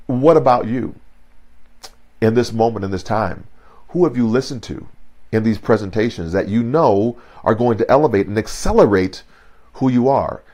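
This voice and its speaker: A man's voice: on the low side, moderate pace, darkish tone. A man in his sixties giving an online keynote, dynamic and rhythmic, repeating phrases for emphasis and laughing at himself. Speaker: motivational speaker. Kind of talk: online keynote talk with storytelling. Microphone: video call.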